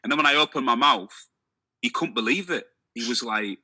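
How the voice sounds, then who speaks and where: A man's voice: medium pitch, fairly quick, pushed and bright. A young man in casual chat, speaking emphatically and often closing lines with "man". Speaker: discussion guest.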